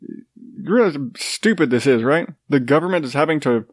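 A man's voice: a little high, expressive, a little fast, husky, dry recording. A man with a congested, stuffy nose, rambling sarcastically in a casual, profane chat. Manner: rambling, sarcastic, swears freely.

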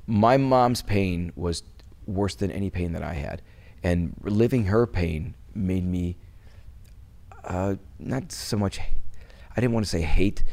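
Deep gravelly middle-aged guy from wisconsin, rambly interview talk, restarts a lot. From Wisconsin, USA. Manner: rambling, many restarts, turns soft when recalling loss. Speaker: interview guest. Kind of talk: casual interview conversation.

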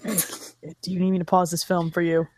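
A woman with a lowish, darkish voice and little pitch movement talks at a normal speed. Together with a friend, she mocks a film in sarcastic, profane running commentary as a movie riff co-host.

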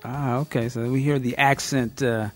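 A man's voice: mid-range voice, steady tone, moderate pace. Man, american, podcast host, casual chat, lots of fillers, faint music behind. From United States. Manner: chatty, rambling with many fillers.

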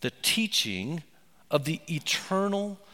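A man preaching a sermon as pastor, earnest and emphatic, with excited asides. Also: a little high, slow, in a large hall. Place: church sanctuary.

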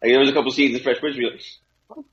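A middle-aged man co-hosting a podcast in casual chat, swearing freely and getting excitable in his rants. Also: mid-range voice, racing, slight background noise. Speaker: podcast co-host. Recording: dull, lo-fi sound.

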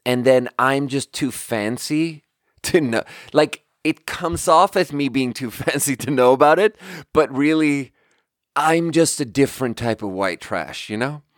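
Man from Sweden, young adult, rambling, exasperated, casual swearing, middle pitch, dry close sound. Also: unhurried, no room sound. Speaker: podcast host. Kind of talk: casual comedic storytelling.

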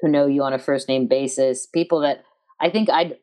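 A woman with a low voice hosts a podcast interview. She speaks haltingly, thinking aloud and restarting her sentences as she works toward her question. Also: fairly even intonation, mellow. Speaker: podcast host. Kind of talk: interview conversation.

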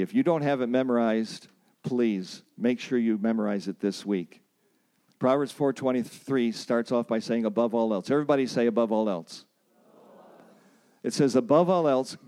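A man's voice: medium pitch, darkish tone. A man preaching at a workshop, emphatic, repeating key phrases and calling on the audience to say lines back, with self-deprecating stories. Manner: storytelling with self-deprecating asides. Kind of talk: sermon.

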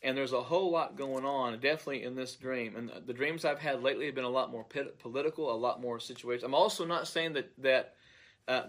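A man's voice: medium pitch, a bit bright. A man, a pastor, earnestly recounting a dream in an unscripted monologue, often repeating words as he searches for them.

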